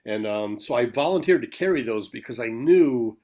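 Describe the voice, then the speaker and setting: A man's voice: mid-range voice, animated, moderate pace, a little mellow. Man hosting a casual chat. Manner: friendly prompting, laughs often. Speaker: podcast host.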